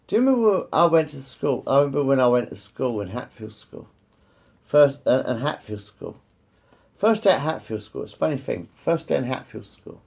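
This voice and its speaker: A man in his fifties with a gravelly, rough-edged voice tells loose personal stories. His pitch swings up and down with lively expression. He repeats himself often and swears without pause. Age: 50s. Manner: repetitive, circles back and swears freely. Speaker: vlogger. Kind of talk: rambling personal storytelling.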